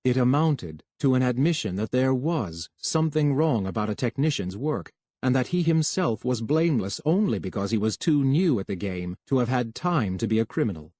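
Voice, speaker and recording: Male audiobook narrator, measured and even, dry close recording. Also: mid-range voice, dry recording. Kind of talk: scripted narration.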